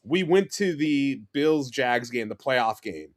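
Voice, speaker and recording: A New York City man in his forties, appearing as a podcast guest, tells rambling, animated stories in casual chat full of fillers and restarts. His voice is medium-pitched and his pace slow.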